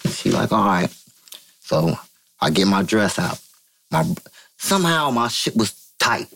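A man from Vallejo, California, telling a story as an interview guest, profane and animated, acting out quotes in a higher voice. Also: unhurried, gravelly. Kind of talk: casual storytelling.

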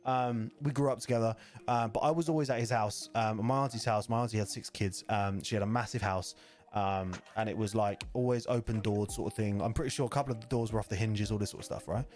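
Fast-talking man telling a story. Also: on the low side. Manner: rambling, swears freely, animated storytelling. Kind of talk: casual storytelling chat.

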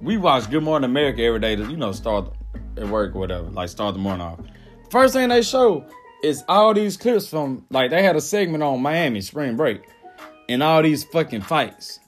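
A man's voice: medium pitch, very animated, normal speed, soft background music. A young man from Mississippi with a Southern accent, co-hosting a casual podcast and telling stories in a loose, profane way. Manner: loose, profane storytelling with playful voice switches. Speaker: podcast co-host.

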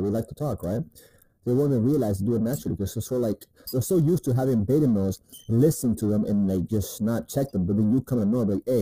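A man's voice: mid-range voice, warm tone, breathy edge, low-quality recording. A man hosting a casual advice monologue, talking crudely and profanely and tacking "man" onto his sentences. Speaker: dating advice host.

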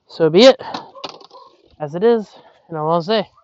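This podcast host has a high-pitched, clean voice and a measured pace. He rambles apologetically in a casual monologue while hot and breathing heavily outside in a yard. Without his usual headset, the highs are cut off, and there's no echo.

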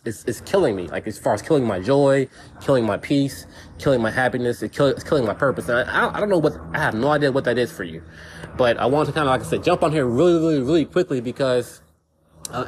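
A man's voice: mid-range voice, slight background noise. A man hosting a casual solo podcast, rambling and repeating words as he talks things through. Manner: rambling, repeats words, says "you know what I'm saying". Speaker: podcast host.

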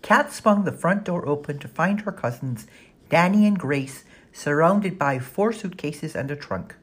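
Husky, low-voiced woman narrating a story. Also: expressive, measured pace. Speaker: audiobook narrator. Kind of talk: scripted narration.

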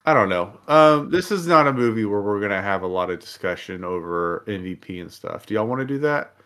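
A man's voice: fairly low pitch, animated, fairly quick, a bit bright, smooth. A man hosting a casual movie-review podcast, easygoing and loose as he steers the group through the segments. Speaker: podcast host running the segments.

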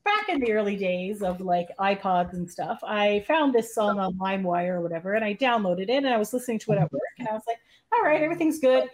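Animated woman co-hosting a chat. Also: medium pitch, fast, hardly any pauses. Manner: animated storytelling. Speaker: podcast co-host. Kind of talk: casual chat.

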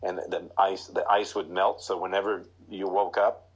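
A middle-aged man, a former pro hockey player, telling casual stories about his rookie days in an animated way. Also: moderate pace, slightly rough, low-quality recording. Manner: animated anecdotes, high put-on voices for quoted lines. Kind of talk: casual storytelling.

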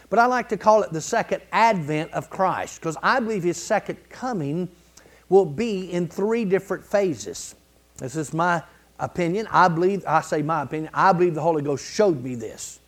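A man preaching a sermon in a folksy, colloquial way, building to emphatic repeated phrases and clearing his throat now and then. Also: high-pitched, animated, normal speed. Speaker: pastor.

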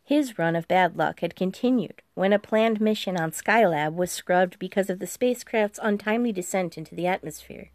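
A woman narrating an audiobook in a steady, even storytelling manner. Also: mid-range voice, moderate pace, hardly any pauses, dry recording, studio quality. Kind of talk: scripted narration.

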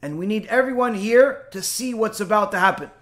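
A man voicing a revered old rabbi and sage who calmly commands and reassures a frightened congregation. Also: high voice, a little fast. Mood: commanding.

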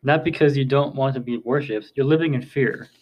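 A headstrong young woman who presses her point without letting go, as a male narrator reads her lines. The voice stays at a middle pitch. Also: brisk, a little mellow, lightly acted, rough recording. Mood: insistent. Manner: insistent, pressing speech. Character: stubborn, determined young woman.

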